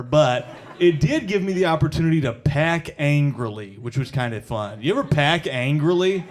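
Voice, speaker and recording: Thirties male comic from Indiana, slightly high, lively pitch, clear club noise. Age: 30s. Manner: animated, chatty, says "dude" a lot. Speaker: stand-up comedian. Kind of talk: stand-up set. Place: comedy club stage. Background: audience laughter.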